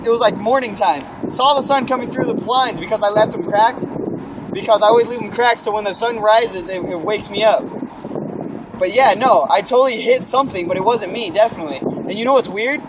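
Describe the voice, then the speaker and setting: High-voiced young man telling a story. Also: background noise. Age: young adult. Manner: animated storytelling, swearing, acting out his own yells. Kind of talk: casual chat.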